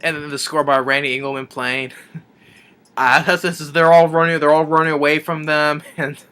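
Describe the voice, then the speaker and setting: A man's voice: fairly high pitch, flat delivery, normal speed, pushed and bright, clean tone. A man reviewing a film, retelling the plot in a rambling, casual way with many restarts and chuckles.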